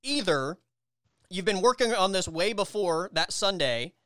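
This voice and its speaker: Bright crisp man arguing sports. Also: high-pitched, lively intonation, measured pace, no echo. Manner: restarts a lot, builds long arguments. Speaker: podcast co-host. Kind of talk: casual sports chat.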